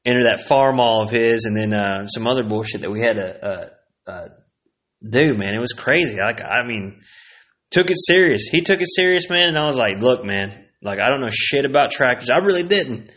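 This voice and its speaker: A man hosting a solo podcast who talks in a loose, wandering way and swears freely. His voice sits at an everyday middle pitch and he drifts between stories. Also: normal speed, a bit bright. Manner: rambling, profane, laid-back, sipping whiskey. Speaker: podcast host. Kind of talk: casual solo podcast reminiscing.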